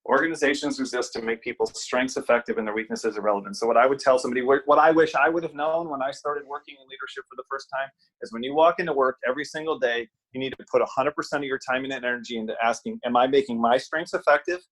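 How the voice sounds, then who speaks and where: A man's voice: medium pitch, steady tone, fast talker, fairly bright tone, low-quality recording. A middle-aged man from Wisconsin, a guest on a casual podcast interview, who talks emphatically, repeats key phrases and jokes at his own expense. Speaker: guest speaker and author.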